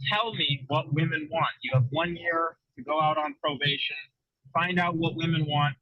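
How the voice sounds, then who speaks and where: A man voicing a stern queen in a retold fairy tale, in a quick, matter-of-fact way and a dull lo-fi recording. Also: fairly high pitch, no room sound, lightly acted. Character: stern queen passing judgement, woman.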